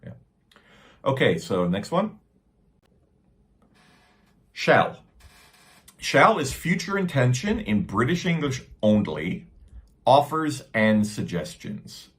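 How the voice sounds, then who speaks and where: A man's voice: medium pitch, sing-song, takes it slowly, long pauses. A man with an American accent teaching English grammar, patiently explaining and acting out example sentences. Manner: patient, repeats points, acts out example sentences.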